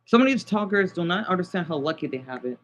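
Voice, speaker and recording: A man's voice: sits high, lively intonation, fast talker, a little hiss or hum. A man livestreaming in casual chat, agitated and swearing as he talks to his viewers.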